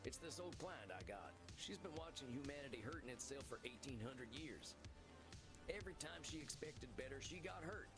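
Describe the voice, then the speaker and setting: An actor playing a weary, reflective cowboy vampire, talking in a folksy, laid-back over game music. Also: male voice, medium pitch, lively intonation, moderate pace, lightly acted. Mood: musing.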